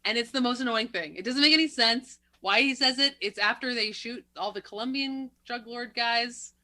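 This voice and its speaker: A woman's voice: a little high, moderate pace, pushed and bright. A woman co-hosting a movie podcast in casual chat, wry and sarcastic, laughing between her remarks. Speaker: podcast co-host.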